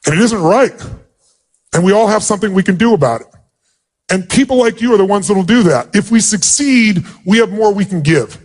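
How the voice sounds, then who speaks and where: A man with a fairly high-pitched voice tells a personal story from a stage. He talks in a heartfelt and emphatic way, pressing hard on the moments that matter to him. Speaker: motivational speaker.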